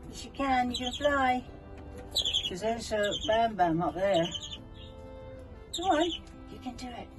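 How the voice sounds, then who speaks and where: Slow-talking woman coaxing her budgies. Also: on the high side, lively intonation. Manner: coaxing, affectionate baby talk with soft laughs. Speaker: budgie keeper and channel host. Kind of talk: casual vlog talking to pet birds. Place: bird aviary. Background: loud music and chirping budgies.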